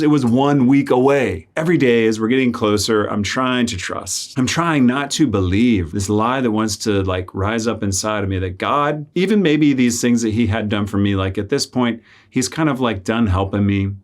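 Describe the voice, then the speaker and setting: A young man, a friar, speaks at an ordinary middle pitch in a loose, conversational reflection. He peppers his talk with "like" and slips into the voices of the people in his story. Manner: conversational, many "like" fillers, acts out quoted voices. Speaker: friar and priest. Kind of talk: spoken reflection with personal story.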